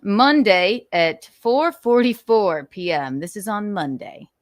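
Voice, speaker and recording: Slow-talking woman host, profane and emphatic. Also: mid-range voice, lively intonation, no room sound, clean studio sound. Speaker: show host. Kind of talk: casual talk-show commentary.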